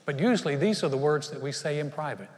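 Speaking fast with a fairly high pitch, a pastor delivers an earnest, conversational sermon. He addresses his congregation directly with questions, and the recording carries the long reverb of a big church hall.

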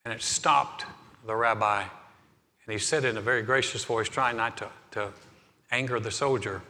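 A man's voice: fairly low pitch, normal speed, pushed and bright. A middle-aged man preaching a sermon live in a church, telling stories in a conversational way with frequent restarts. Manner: storytelling, conversational with repeated restarts. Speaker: pastor. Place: church sanctuary. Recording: live church recording with long reverb.

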